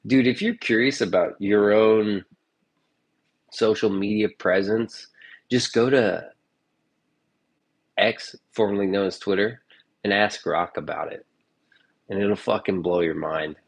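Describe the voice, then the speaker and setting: A man's voice: fairly low pitch, fairly even intonation, measured pace, vocal fry, long pauses. A man chatting casually in his kitchen in a vlog, joking and swearing loosely. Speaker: streamer. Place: home kitchen.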